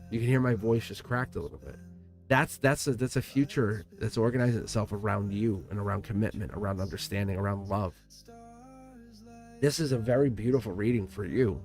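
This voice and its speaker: Guy doing a live tarot reading, earnest and rambly, keeps repeating himself, soft music underneath. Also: medium pitch. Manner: earnest, rambling, repeats phrases, self-corrects. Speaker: tarot reader.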